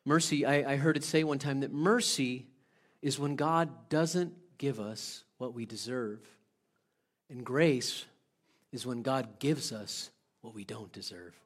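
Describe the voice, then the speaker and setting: A man preaching a sermon in a conversational way, putting questions to the congregation and moving between loud stretches and hushed ones. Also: medium pitch. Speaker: pastor.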